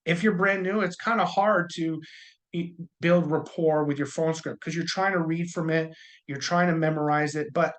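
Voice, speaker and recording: A man with a slightly high voice coaches a room of new insurance salespeople. His talk is loose and conversational, peppered with corny little jokes. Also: steady tone, normal speed, a bit bright. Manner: jokey, conversational, uses corny humor. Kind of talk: casual training talk.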